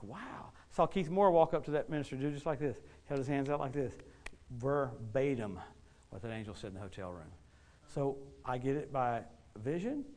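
A man preaching a sermon, telling stories in a folksy, animated way, often repeating words as he gets excited. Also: mid-range voice. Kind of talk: storytelling sermon.

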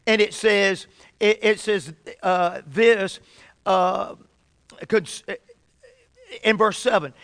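In this sermon, a passionate man preaches with a high, smooth, resonant voice carrying a slightly bright tone. He often starts phrases over and draws his important words out slowly, captured in close, dry audio free of room sound.

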